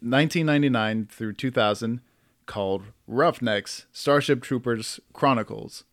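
A man's voice: medium pitch, measured pace, fairly bright tone, no echo. A man hosting a casual podcast chat, who laughs often and stumbles over names. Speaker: podcast host.

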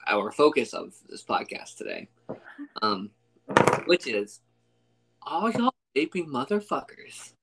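A man's voice: mid-range voice, slow, gravelly, pauses often, heavy background noise. Joking male podcast host. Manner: joking, relaxed banter. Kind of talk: casual podcast chat.

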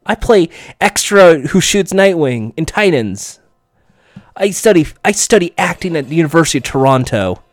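A man's voice: a little high, very animated, moderate pace, no echo, clean studio sound. A man parodying an eager young acting student. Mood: mock-earnest. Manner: eager, mock-earnest self-introduction. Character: earnest young male acting student playing an extra.

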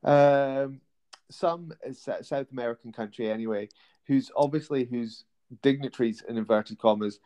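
A man's voice: mid-range voice, normal speed, mellow. A man hosting a casual chat podcast, rambling and hesitant, with plenty of fillers as he feels his way through points. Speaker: podcast host.

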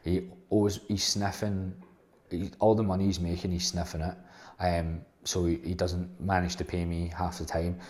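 Casting: young guy, deep even voice, blunt sweary storyteller. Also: normal speed. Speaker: host. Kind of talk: casual storytelling monologue.

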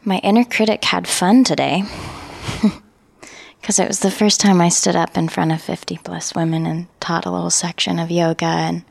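A woman yoga teacher trainee sharing her experience in a group, telling it in an animated way with laughter. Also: lowish voice, creaky, husky.

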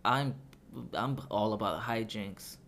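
Animated, laughing male podcast host. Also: lowish voice, takes it slowly, slight background noise. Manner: animated storyteller, laughs often, swears. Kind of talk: casual chat.

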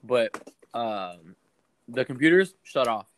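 Young adult man, casual podcast storyteller, animated, profane. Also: medium pitch, slow, a little hiss or hum. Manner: animated, swears a lot, acts out quotes. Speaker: podcast co-host.

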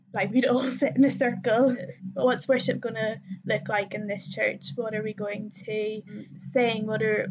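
A woman's voice: mid-range voice, background noise. A young woman telling her story as a podcast guest, chatty and full of ums and likes, laughing often. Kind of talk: casual conversational storytelling. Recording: slightly muffled lo-fi sound.

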